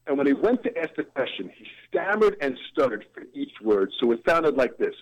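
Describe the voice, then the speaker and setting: An ebullient man spinning a story as an interview guest, his voice leaping up and dropping low as he builds the drama. His pitch sits at a middle height for a man, and he leans hard into each turn of the tale. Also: sing-song, fast, poor audio. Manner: ebullient, dramatic vocal swings. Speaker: guest drummer and motivational speaker.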